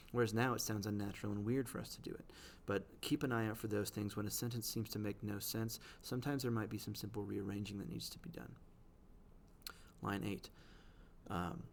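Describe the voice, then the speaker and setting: A man teaching, explaining the language of poems in a patient way. He checks in often with "right?" and reads the quoted lines slowly. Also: on the low side, a little hiss or hum.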